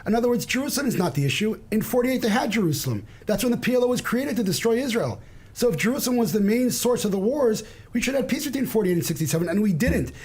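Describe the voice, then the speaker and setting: A man's voice: high-pitched, expressive, quick pace, a little mellow, husky. A man on a news panel, arguing emphatically and sarcastically in a heated debate. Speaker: panel guest.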